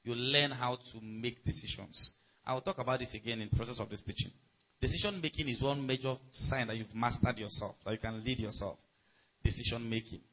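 Here a middle-aged man delivers a sermon as pastor, alternating between booming and quiet passages while engaging his listeners directly. His voice is mid-range, and the audio is poor.

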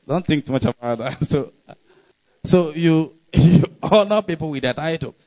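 A man's voice: on the high side, expressive, slow pace, pauses often, a little mellow, highs cut off. A man preaching a sermon in an emphatic, conversational way, often laughing and reading scripture aloud.

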